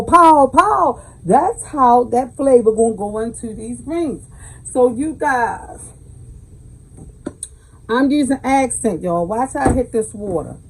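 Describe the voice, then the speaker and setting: A Southern American woman talks viewers through a recipe in her home kitchen, chatty and emphatic, calling them baby. Her voice sits a touch high but sounds mellow and soft, with a husky edge. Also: poor audio. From Southern United States. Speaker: cooking channel host. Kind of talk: casual cooking tutorial.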